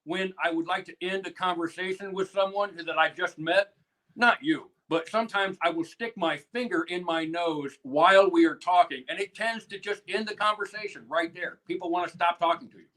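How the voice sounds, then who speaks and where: A man from the Midwestern United States talks as a guest on a playful live stream. He keeps a mock-earnest, straight-faced delivery in a slightly high voice. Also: moderate pace, pushed and bright, rough recording.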